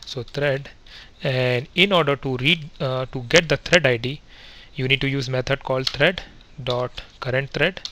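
Guy doing a screen-recorded coding lesson, bright tense voice, lots of uh and restarts, step by step. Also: mid-range voice, a little slow, slight background noise. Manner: methodical step-by-step, frequent fillers and self-corrections. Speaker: software testing instructor.

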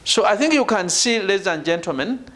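A man teaching a PhD seminar, stressing key words and checking in with "right?" and "ladies and gentlemen". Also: high-pitched, animated, a little fast. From Uganda. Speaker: university lecturer. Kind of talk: online PhD seminar lecture.

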